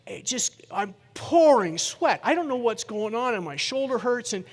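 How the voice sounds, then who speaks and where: A man voicing a frightened woman in her forties who speaks slowly and haltingly, as if pleading. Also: extremely high pitch, big pitch swings, long reverb tail, voice pushed up, exaggerated voice. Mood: bewildered.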